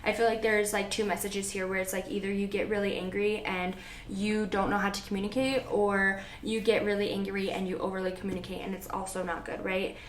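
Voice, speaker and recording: A woman's voice: mid-range voice, level tone, fairly quick. A young woman giving a general spiritual reading to camera, rambling and hesitant, with many fillers and restarts. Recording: echoey room with faint ambient noise.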